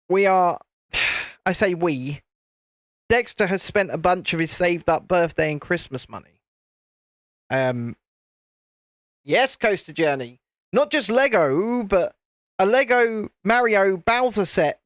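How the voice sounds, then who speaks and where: A man's voice: high voice, a bit bright, dry recording, studio quality. A British man hosting a livestream, chatting casually with viewers while he builds, and laughing often. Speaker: livestream host.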